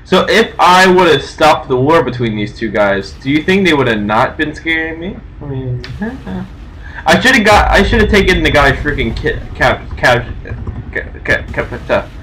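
A man playing a game, commenting nervously to himself and haltingly reading on-screen text aloud. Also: on the high side, sing-song, a bit bright, a little hiss or hum, rough recording. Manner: jumpy, nervous self-talk. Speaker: game streamer. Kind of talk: let's-play commentary.

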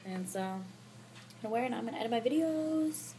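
Young female vlogger, bright-pitched, silly, chatty, camera up close at home. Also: animated, fast talker, slight background noise. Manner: chatty and goofy, full of "like" fillers, jokes around. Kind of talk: casual daily vlog to camera.

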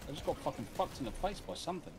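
A man's voice: fairly high pitch, sing-song, very fast, over music. A man chatting bluntly and swearing freely while playing a co-op game. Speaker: co-op gamer. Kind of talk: casual gaming chat.

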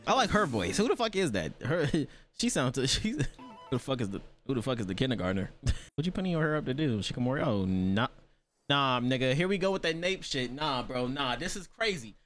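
A man's voice: mid-range voice, very animated, brisk, a bit bright, soft background music. A man hosting an anime reaction video, talking back to the screen with lots of laughter and profanity.

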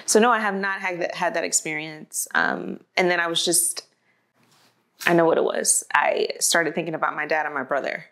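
A woman's voice: lowish voice, steady tone, moderate pace, a bit bright. A woman as an interview guest speaking candidly and hesitantly, with many fillers, on a lapel mic in a studio. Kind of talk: casual conversational interview. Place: indoor studio with white background.

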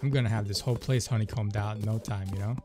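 A man with a lowish, steady voice talks fast as a let's play host, offering casual, rambling commentary and chatty asides while playing a video game. Game music plays behind his voice.

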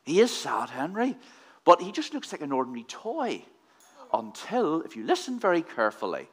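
Man, church children's talk, animated up-and-down voice, playful, quizzing kids. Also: on the high side, moderate pace. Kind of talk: children's address in a church service.

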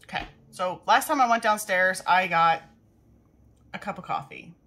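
A woman's voice: fairly low pitch, normal speed, fairly bright tone. A woman venting casually to her camera from a home desk, rambling, swearing and exasperated. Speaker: beauty vlogger. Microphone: camera zoomed in at a desk.

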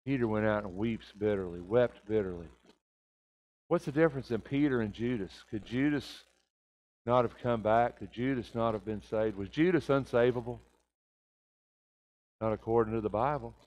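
A man's voice: moderate pace, long pauses, dull audio. Man preaching a confessional sermon. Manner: swings from loud, high emphatic bursts to quiet low confessions. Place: church sanctuary.

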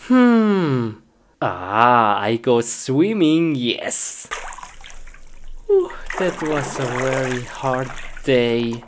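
A woman's voice: very deep voice, big pitch swings, drawn-out words. A woman performing a comedy skit, exclaiming a lot in simple, broken English. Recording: noisy recording.

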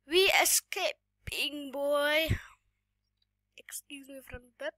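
A woman giving casual gameplay commentary while sick, coughing now and then, excitable and often dropping to a whisper. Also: high-pitched, slow, no echo. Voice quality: voice sounds off today. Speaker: gaming YouTuber.

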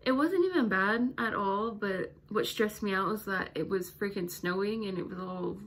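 A woman's voice: medium pitch, moderate pace, a bit bright. A young woman vlogging from her bedroom, rambling and chatty with many fillers, a little out of breath. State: slightly out of breath. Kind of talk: casual vlog talk to camera. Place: bedroom at home.

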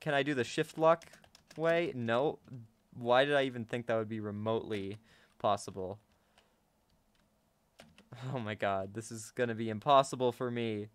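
A young man casually commenting on his own gameplay to viewers, excitable and chatty, often gasping and laughing. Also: mid-range voice, moderate pace, long pauses, clean tone, dry recording. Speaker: gaming YouTuber.

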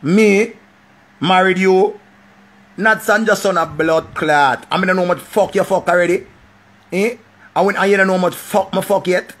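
Animated Jamaican man commenting. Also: high voice, normal speed. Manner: animated, repetitive, profane. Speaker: vlogger. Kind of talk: casual commentary.

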